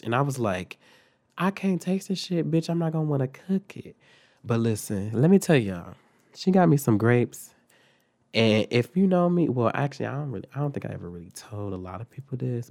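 A young man, recovering from an illness and sounding congested, telling a story casually and profanely with big jumps in pitch. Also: darkish tone, dry recording. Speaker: vlogger.

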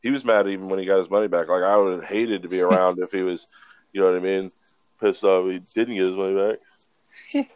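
A man's voice: deep voice, steady tone, fairly quick, a little mellow, clear, resonant tone, no room sound. A man in his twenties, a podcast co-host, telling a rambling, swear-filled story in casual chat.

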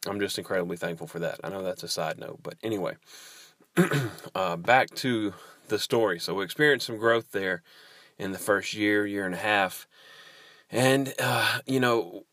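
A man with a deep, low voice tells a personal church story, wandering through asides and restarting his sentences. The sound is dry and close, with no room echo. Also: moderate pace, fairly bright tone. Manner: rambling, many restarts and fillers, self-deprecating asides. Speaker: youth pastor.

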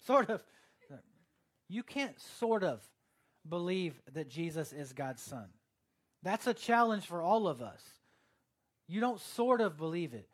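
A man's voice: high voice, sing-song, unhurried. A man preaching a sermon in a casual, conversational way, with lots of fillers and quoted asides. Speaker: pastor.

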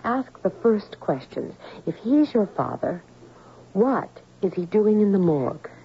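An actress playing a young wife who keeps pressing with questions. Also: female voice, mid-range voice, very animated, measured pace, slight background noise. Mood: probing. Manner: persistent questioning. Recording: slightly dull old radio recording.

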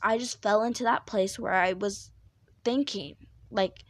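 Young woman, podcast host, squeaky high voice, candid rambling talk, dry close sound. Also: measured pace, dry recording. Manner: candid, rambling with fillers and restarts. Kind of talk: personal podcast monologue.

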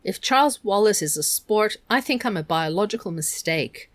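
A woman's voice: mid-range voice, expressive, moderate pace, dry recording, natural voice. Woman reading as Meg, a miserable teen girl. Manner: shaky, miserable delivery. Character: Meg, teenage girl, anxious and tearful.

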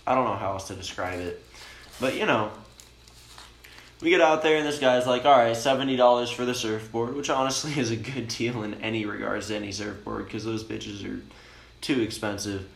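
A young man, a bit high, telling a long profane story in a rambling, laid-back way inside a camper van. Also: fairly quick, creaky. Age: young adult. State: high on cannabis. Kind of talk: casual storytelling chat. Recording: roomy with faint noise.

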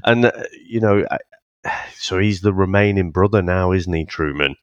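A man co-hosting a casual film review podcast, talking in a halting, thoughtful way with many restarts. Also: low-pitched, clear, resonant tone, no echo, highs cut off. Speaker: podcast co-host.

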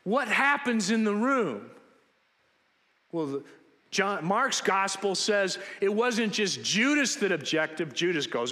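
A man preaching a sermon in church, telling Bible stories in an animated way and acting out the people in them. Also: sits high, a little slow, long reverb tail. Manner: animated storytelling, acting out biblical characters. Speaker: pastor.

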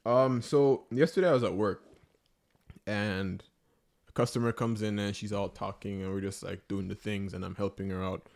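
A man hosting a podcast, chatting casually with friends, laughing often and telling a story in a relaxed way. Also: lowish voice, normal speed, vocal fry. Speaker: podcast host. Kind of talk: casual chat among friends.

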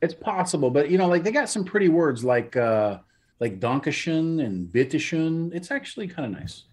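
A man's voice: a little high, sing-song, normal speed, breathy edge. A man co-hosting a podcast, chatting casually in an easygoing, storytelling way. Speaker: podcast co-host.

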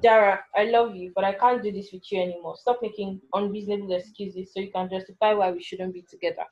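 A woman's voice: mid-range voice, fairly even intonation, quick pace, a little mellow, highs cut off, lightly acted. A woman voicing a defensive young man who brushes off an accusation with indignant, dismissive replies.

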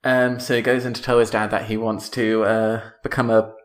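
A man from Devon, co-hosting a comedy podcast and playfully improvising a story out loud. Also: on the low side, level tone, normal speed. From Devon, England. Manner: playful, laughing often, improvising a story aloud. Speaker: podcast co-host.

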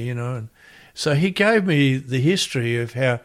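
A man's voice: medium pitch, moderate pace. A middle-aged man with an Australian accent, telling a rambling anecdote as an interview guest and acting out the quotes.

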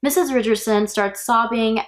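A woman's voice: a little high, moderate pace. A woman hosts a true crime podcast and walks through the case in a loose, conversational way. She talks like she is speaking to a friend and adds her own blunt reactions along the way. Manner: casual, opinionated, reacting aloud. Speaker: podcast host.

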